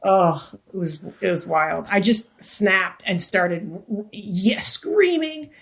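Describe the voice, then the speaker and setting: A woman's voice: fairly low pitch, fairly even intonation, takes it slowly, vocal fry, fairly bright tone. A woman actor and comedian, a podcast guest telling loose, rambling stories with restarts and the odd swear word. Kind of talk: casual podcast chat.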